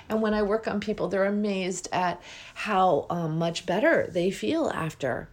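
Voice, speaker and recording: A woman giving an unhurried, reflective spiritual talk as a healing coach, with many pauses and yawns. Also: mid-range voice, expressive. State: yawning.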